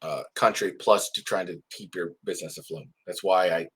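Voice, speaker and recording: A man's voice: deep voice, fairly even intonation, brisk, fairly bright tone, slightly rough, voice pushed down, full character voice. A man voicing an imagined defendant brushing off accusations with offhand excuses, with a stuffy nose. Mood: dismissive. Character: man on trial, dismissive, defending himself.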